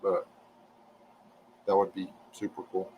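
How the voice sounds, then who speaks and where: A man's voice: deep voice, monotone, slow pace, noisy background. A man, chatting casually and joking with viewers on a livestream. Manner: folksy, joking, reading chat aloud.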